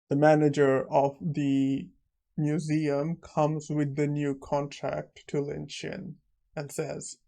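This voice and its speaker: A man's voice: on the high side, monotone, slow pace, vocal fry, warm tone. A man narrating a manhwa story recap in plain retelling.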